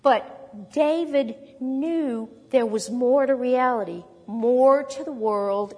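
Husky woman preaching in a reverberant church. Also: fairly high pitch. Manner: animated storytelling, conversational asides. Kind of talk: sermon.

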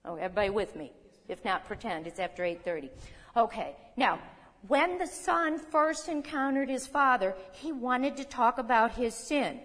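Preacher, woman, fairly high voice, conversational sermon delivery, long reverb. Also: animated, fairly bright tone. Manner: conversational, checks in with the audience, slows for emphasis.

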